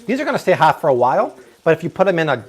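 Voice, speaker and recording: A man's voice: on the high side, big pitch swings, rapid-fire, noisy background. A man hosting a live cooking demonstration in his kitchen, talking enthusiastically and exclaiming over the food. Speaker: cooking show host. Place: home kitchen.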